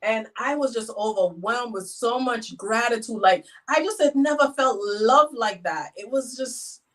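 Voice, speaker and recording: A woman tells personal stories in a lively, emotional way, her voice riding a little high. She sounds a bit away from the microphone. Her delivery is casual and heartfelt, swinging wide as she goes. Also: measured pace. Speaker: guest. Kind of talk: casual storytelling. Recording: voice a bit far from the mic.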